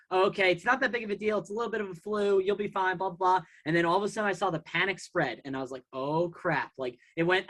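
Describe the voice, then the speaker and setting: A man's voice: sits high, a bit bright. A man telling his story casually as an interview guest. He rambles, restarts his sentences and acts out his own past thoughts. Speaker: guest investor.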